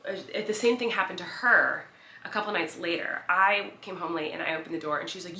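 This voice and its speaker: Chatty, bright-voiced woman vlogger. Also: lowish voice, brisk, echoey room, slight background noise. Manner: rambling, animated, lots of fillers and "like". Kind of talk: casual chatty vlog storytelling.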